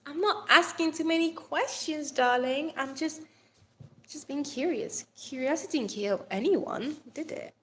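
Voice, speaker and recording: A bubbly young woman hosts a casual live stream on her phone, chatting warmly with her viewers. Her voice sits a little high, and she jokes, teases, calls people darling and drops the odd swear word. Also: animated, a little slow, a little hiss or hum. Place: Nigeria.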